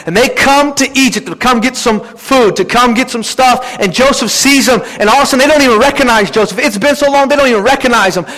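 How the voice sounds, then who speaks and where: A man's voice: very high-pitched, fairly bright tone, long reverb tail, low-quality recording. A man preaching a sermon, retelling a Bible story in a casual, conversational way and acting out the characters' lines. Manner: conversational storytelling, acts out biblical characters in quotes.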